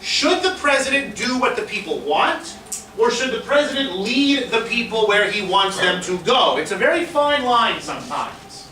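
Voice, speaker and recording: A man teaching history as a lively lecture, telling it like a story and acting out what people said, with fillers along the way. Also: sits high, normal speed. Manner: animated storytelling with fillers, acts out quotes. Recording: roomy echo, distant mic, faint hiss.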